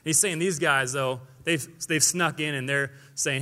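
Bright-voiced young preacher man in a hall. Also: medium pitch, unhurried. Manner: energetic, conversational preaching with acted quotes. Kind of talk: sermon.

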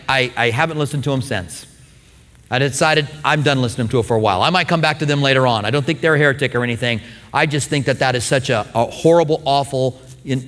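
A middle-aged man preaching a sermon with emphatic stresses and quiet asides. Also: on the high side. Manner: emphatic, swings from loud stresses to soft asides. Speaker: pastor. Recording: long hall reverb.

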